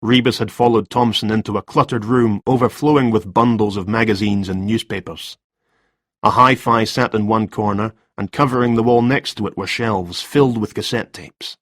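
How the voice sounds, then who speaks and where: A male audiobook narrator with a husky, fairly low voice, telling a detective story at a measured pace. The recording is close and dry. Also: steady tone, a bit bright, no room sound. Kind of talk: scripted narration.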